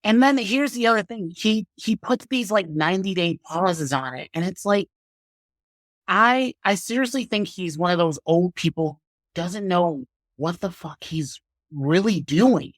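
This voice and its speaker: Blunt, profane podcast host ranting. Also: male voice, sits high, expressive, unhurried, fairly bright tone, no echo, studio quality. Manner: blunt, profane, opinionated rant; laughs at himself, speaks in bursts with fillers. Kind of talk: casual solo podcast monologue.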